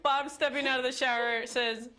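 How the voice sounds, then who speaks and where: A woman's voice: high voice, steady tone, moderate pace, bright, forceful tone. A woman hosting a party word game on a TV show, reading prompts aloud and laughing often. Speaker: host. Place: TV studio with guests.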